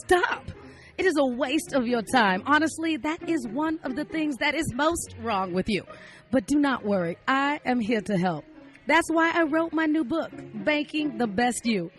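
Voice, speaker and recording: Woman doing a proper, preachy self-help lady, chirpy pitch, lively highs. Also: normal speed, faint music behind. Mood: prim. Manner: prim, chirpy sales pitch.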